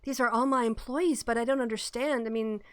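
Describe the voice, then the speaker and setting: A woman voicing a bewildered bar owner who speaks in flustered, halting bursts. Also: on the high side, fairly even intonation, a bit bright, a little hiss or hum, lightly acted.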